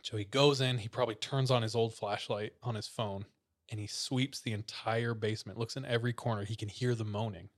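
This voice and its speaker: A man's voice: fairly low pitch, brisk. Casual man telling a creepy story. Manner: relaxed storyteller, many "like" fillers.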